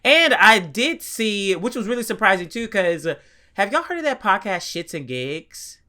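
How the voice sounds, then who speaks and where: Animated male podcast co-host, bright voice, swings up and down in pitch. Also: moderate pace. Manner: animated, laughing, swearing casually. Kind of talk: casual chat.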